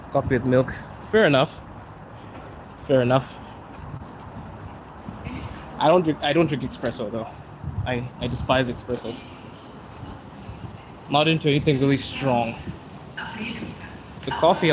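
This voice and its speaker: A man's voice: medium pitch, fairly even intonation, normal speed, long pauses. A man, live streaming outdoors on a city street into a phone, chatting in a rambling way and laughing often. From Zimbabwe. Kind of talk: casual live-stream chat with viewers. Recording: outdoor traffic noise.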